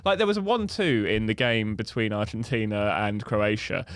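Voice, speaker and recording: A man's voice: fairly low pitch, moderate pace, fairly bright tone, smooth, dry recording, clean studio sound. A man hosting a podcast, enthusiastic and teasing, often restarting his sentences. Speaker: podcast host. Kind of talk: casual chat.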